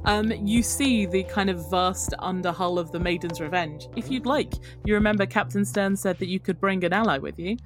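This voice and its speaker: A woman game master narrating an underwater adventure scene, pausing on fillers as she goes. Clear music runs behind her voice. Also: mid-range voice. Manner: hesitant, frequent fillers, laughs often.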